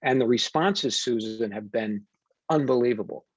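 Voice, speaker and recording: An American man, a wellness coach, telling stories earnestly and deliberately in an interview, with frequent fillers. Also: mid-range voice, breathy edge, dry recording. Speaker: wellness coach and podcast guest. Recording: dull dry remote audio.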